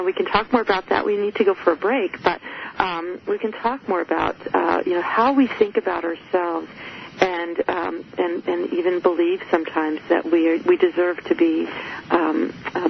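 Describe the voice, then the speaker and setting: Gravelly-voiced woman radio host. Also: on the low side, dull audio, a little hiss or hum. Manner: earnest, emphatic, halting with fillers. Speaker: radio show host, psychologist. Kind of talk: radio interview.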